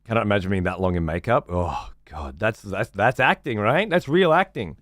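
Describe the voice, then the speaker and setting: Low-voiced man swearing through a rambling chat. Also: animated, moderate pace, a bit bright, dry recording, studio quality. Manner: rambling, heavily profane. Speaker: streamer. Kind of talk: casual chat while gaming.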